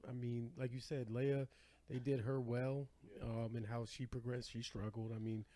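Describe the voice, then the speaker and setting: A man's voice: mid-range voice, level tone, normal speed, mellow, dry recording. A man as a guest on a comedy podcast, easygoing, agreeing and laughing along in casual chat.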